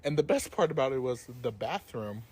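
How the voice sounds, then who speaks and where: A man's voice: medium pitch, lively intonation, fairly quick, darkish tone, slight background noise. A man co-hosting a casual podcast, retelling a story with lots of swearing and laughter, slipping into quoted voices. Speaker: podcast co-host.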